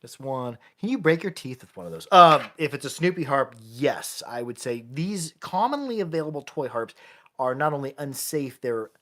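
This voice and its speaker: A man's voice: medium pitch, lively intonation, normal speed, bright, forceful tone. A man, a jaw harp player and maker, giving a casual live-streamed lesson and often restarting his sentences. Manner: casual, chatty, with frequent restarts.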